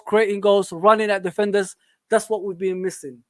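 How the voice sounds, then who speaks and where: A man co-hosting a live football watch-along, reacting to the match with excitable, frustrated outbursts at the players. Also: high-pitched, normal speed, dry recording. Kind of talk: casual live match commentary.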